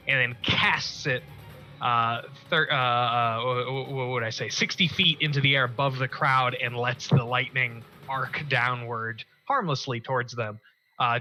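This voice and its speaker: A man describing his character's actions in a tabletop game, rambling and halting with fillers. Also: medium pitch, pushed and bright. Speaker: player. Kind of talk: casual tabletop game narration.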